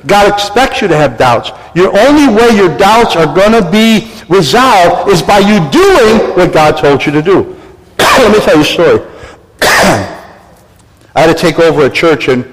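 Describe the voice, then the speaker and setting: An older male pastor preaches in a raised, slightly high voice, urging his listeners and calling for their response. He coughs now and then. The sound rings with the long reverb of a church hall. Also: expressive, a little slow. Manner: exhorting, call-and-response with congregation. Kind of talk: sermon.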